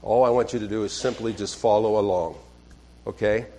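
A man preaching a sermon in a conversational way, dropping to quiet tones on scripture and often checking in with "okay?". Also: fairly low pitch, fairly even intonation, a little fast. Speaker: pastor.

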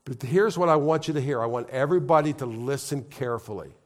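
A man's voice: mid-range voice, fast talker. A man preaching a sermon to a congregation, repeating key phrases and asking the crowd to answer back. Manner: repetitive call-and-response preaching. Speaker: pastor. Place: congregation in a room.

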